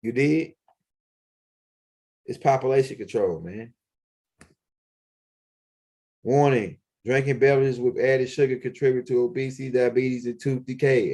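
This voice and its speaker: A man's voice: mid-range voice, fairly even intonation, moderate pace, dark tone. A man, rambling casually and profanely as he walks around his home, with lots of fillers. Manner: loose, profane street talk with many fillers. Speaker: video blogger. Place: at home, walking around the house and backyard.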